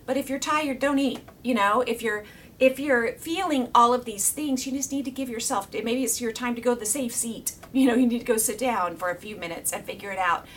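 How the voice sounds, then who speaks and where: A middle-aged woman gives an informal faith talk to her viewers, bright and animated, laughing easily and sometimes falling to a whisper. Her voice sits a touch high. She is recorded a little away from the mic, with a faint rumble underneath. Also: fairly quick, recorded from a distance. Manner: animated, laughs often, drops to a whisper for emphasis. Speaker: Christian video teacher. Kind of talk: casual faith teaching to camera.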